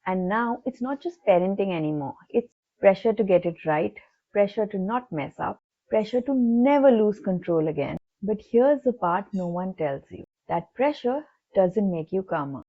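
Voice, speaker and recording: A woman psychologist giving a soft, empathetic scripted talk that speaks directly to the listener. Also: mid-range voice, lively intonation, normal speed. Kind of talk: scripted reflective narration. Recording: tinny phone-like sound.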